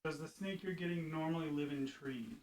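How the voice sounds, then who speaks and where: A man's voice: fairly high pitch, a little fast, a little mellow. A man behind the camera at home making dry joking asides, picked up from across the room. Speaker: streamer's housemate. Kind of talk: casual off-camera banter.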